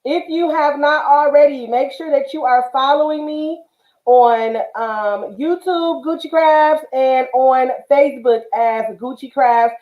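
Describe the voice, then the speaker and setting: Chatty high-voiced woman livestream host. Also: a little slow. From Northern California, Bay Area. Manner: chatty, affectionate, many fillers. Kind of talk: casual livestream chat. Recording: roomy, dull livestream audio.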